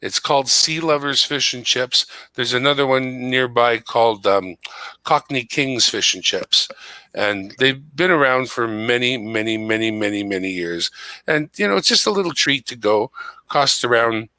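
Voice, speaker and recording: A man's voice: medium pitch, animated, moderate pace, bright, forceful tone, dry recording. A man hosting a stream, chatting casually in a rambling, joking way and chuckling at himself. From Canada. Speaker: stream host. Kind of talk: casual chat.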